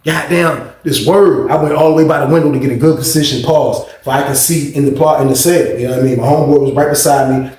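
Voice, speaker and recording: A man hosting his own channel, telling a prison story in casual, animated slang and repeating points for emphasis. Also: fairly high pitch, quick pace. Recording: roomy echo.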